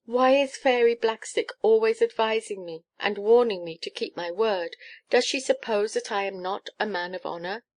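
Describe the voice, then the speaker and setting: A woman's voice: mid-range voice, normal speed, a little mellow, close to an everyday voice. A woman reading a storybook, voicing a stern fairy who scolds with awful severity. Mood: severe.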